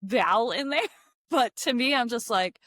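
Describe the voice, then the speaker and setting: Brief: chatty Philadelphia-accented woman, fairly high voice, dry close sound. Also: expressive, a bit bright, no echo. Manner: chatty, quick to chime in. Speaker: podcast co-host. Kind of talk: casual chat over drinks.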